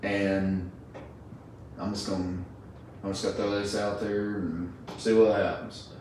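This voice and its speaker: Brief: lower-voiced folksy man as host, distant mic, boomy echo. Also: flat delivery, unhurried, a little mellow, a little hiss or hum. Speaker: podcast host. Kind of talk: casual chat. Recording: very echoey room, mic far off.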